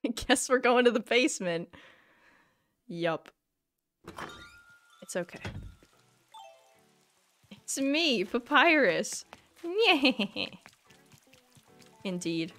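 A woman's voice: mid-range voice, lively intonation, slow, pauses often, a bit bright, faint music behind. A woman live-streaming a video game, chatting casually with her viewers and reacting with frequent self-deprecating exclamations. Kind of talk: casual live-stream chat while gaming.

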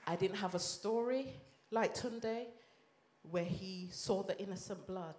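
A woman minister from Leeds with a Yorkshire accent, giving an impassioned sermon testimony that swings between loud and hushed. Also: mid-range voice, measured pace, a faint crowd, slight background noise. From Leeds, England. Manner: impassioned, rises and drops sharply in volume. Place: church or conference hall. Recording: echoey hall.

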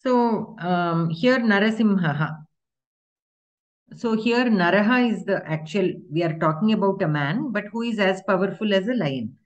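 A woman's voice: medium pitch, expressive, moderate pace, dull audio. A woman teaching Sanskrit grammar in an online class, explaining patiently step by step with examples.

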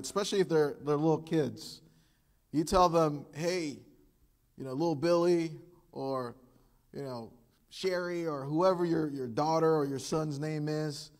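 A man preaching a sermon as pastor, telling stories in an animated way and acting out the quotes. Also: medium pitch. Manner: animated storytelling with acted quotes. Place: church.

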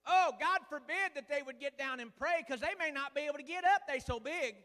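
A man preaching a sermon as pastor in a church, folksy and building to loud preaching with lots of "uh". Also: very high-pitched, fairly quick. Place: church sanctuary. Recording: church hall reverb.

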